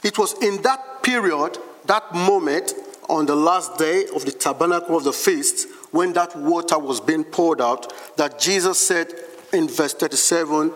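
A man preaching a sermon, slowly reading and explaining scripture with emphatic, deliberate phrasing. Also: a little high, a bit bright, in a large hall.

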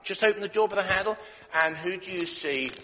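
A man giving a playful, jokey Christmas talk to children in a church hall, with many filler pauses. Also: high voice, sharp tone. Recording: echoey hall, dull lo-fi sound.

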